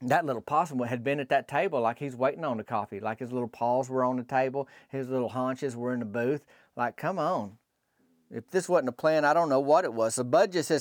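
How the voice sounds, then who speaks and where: A man's voice: medium pitch, a little fast, dry recording, studio quality. A man telling a folksy comic story in a rambling, colloquial way, full of asides. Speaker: podcast storyteller.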